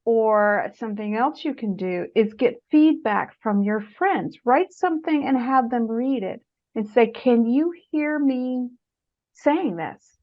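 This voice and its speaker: A middle-aged author, speaking a little high and slowly, gives writing advice in an interview. An animated storyteller, she acts out quotes in a raised voice. The audio is muffled and lo-fi.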